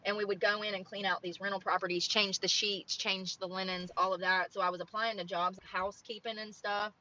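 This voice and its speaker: A woman's voice: mid-range voice, little pitch movement, brisk, bright, forceful tone. A woman in her late thirties chatting casually and frankly to viewers in a plain, rambling way. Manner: plain-spoken, rambling, frank about money. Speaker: streamer on a watched stream. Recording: dull lo-fi stream audio.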